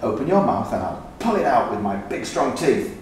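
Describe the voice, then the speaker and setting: A calm, friendly storybook donkey, read by a man in an echoey room. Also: medium pitch, normal speed, slight background noise. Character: helpful farm donkey. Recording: echoey room, distant mic.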